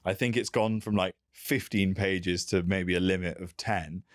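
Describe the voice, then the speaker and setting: An English man in his thirties chats as a guest, his voice low and recorded close and dry. He tells stories with animated energy and laughs often. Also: normal speed, dry recording. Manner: animated storytelling, breaks into laughter. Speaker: guest comedian and actor. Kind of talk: casual chat.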